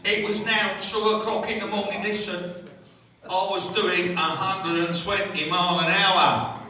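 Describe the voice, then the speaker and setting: A man, doing a stand-up routine in a holiday village hall, chatting with the crowd and delivering punchlines deadpan. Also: high voice, unhurried. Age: 60s. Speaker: stand-up comedian. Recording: echoey hall from far off.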